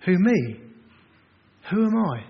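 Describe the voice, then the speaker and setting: A man's voice: high voice, sing-song, slow, breathy edge, full character voice. A preacher voicing a reluctant, self-doubting man. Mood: pleading. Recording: dull, reverberant hall recording.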